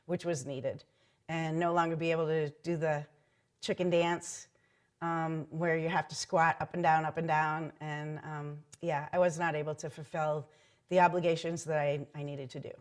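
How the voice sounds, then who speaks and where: A woman's voice: sits low, little pitch movement, moderate pace. A middle-aged woman, a former team mascot, recounting mishaps in a chatty oral history interview with frequent ums and likes. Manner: chatty anecdotal telling with many ums and likes.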